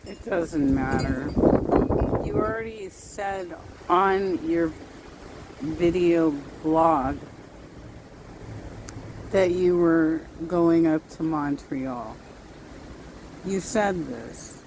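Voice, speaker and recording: A woman's voice: low-pitched, big pitch swings, drawn-out words, pauses often, a little mellow. A woman commentator making dry, sarcastic remarks over a stream clip. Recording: noisy stream recording.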